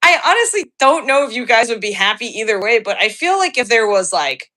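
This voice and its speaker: A woman hosting a podcast in casual chat, excitable, laughing often and restarting her sentences. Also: a little high, a little fast. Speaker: podcast host.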